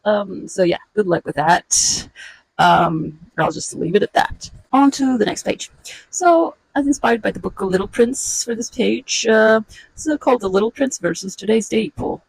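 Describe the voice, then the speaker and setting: Brief: sardonic woman, 40s, gravelly voice, dry close sound, presenting her comic pages with halting asides. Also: mid-range voice, expressive, no room sound, low-quality recording. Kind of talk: casual walkthrough narration.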